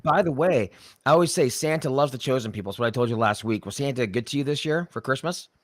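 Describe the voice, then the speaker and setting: A man's voice: mid-range voice, expressive, quick pace. A talkative man hosts a live online show, stumbling over restarts and ribbing his co-host with jokes. His voice sits in an ordinary middle register. He has a recurring cough, and the sound is dry and close, with no room echo. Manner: chatty, restarts often, jokes and teases. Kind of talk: casual live-stream chat.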